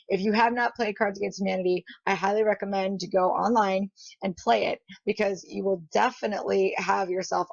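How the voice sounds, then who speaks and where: In this dull, lo-fi home recording with no room sound, a young female vlogger with a gravelly, mid-range voice spins a chatty, giggly story. She laughs a lot, uses plenty of fillers, and acts out other people's lines in quoted voices.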